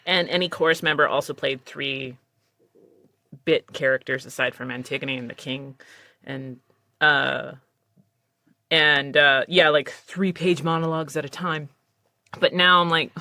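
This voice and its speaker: A woman's voice: low-pitched, fairly even intonation, unhurried, pauses often, pushed and bright, no room sound. A woman voice actor in casual podcast chat, telling stories animatedly, acting out quoted lines and swearing casually.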